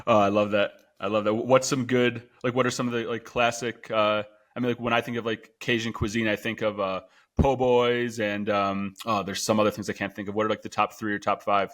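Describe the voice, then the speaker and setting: Low-voiced male podcast host, chatty. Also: flat delivery, normal speed, a bit bright. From Chicago. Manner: chatty, laughs often, rambling questions. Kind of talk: casual interview hosting.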